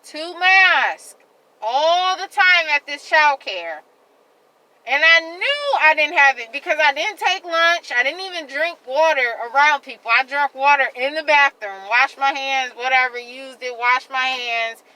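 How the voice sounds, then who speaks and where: Woman, high voice, bright sharp tone, angry vlog rant, repetitive, lots of "like". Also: measured pace, dry recording, rough recording. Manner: heated, repetitive rant full of "like". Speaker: vlogger. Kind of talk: venting monologue to camera.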